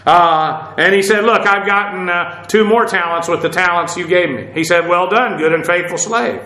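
A man's voice: sits high, normal speed, bright, forceful tone, reverberant, poor audio. A man preaching a sermon in a conversational way, often asking his listeners questions. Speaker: pastor.

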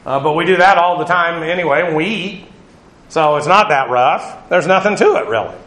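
A man's voice: on the high side, normal speed, a bit bright, roomy sound, rough recording. A male pastor giving a conversational Bible teaching, loose and digressive with many fillers. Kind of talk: sermon.

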